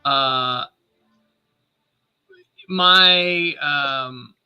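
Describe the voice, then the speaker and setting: Bright-voiced hesitant man playing a tabletop game. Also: fairly high pitch, drawn-out words, clear, resonant tone. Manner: hesitant, restarts often, laughs. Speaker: player. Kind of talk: tabletop role-play, casual.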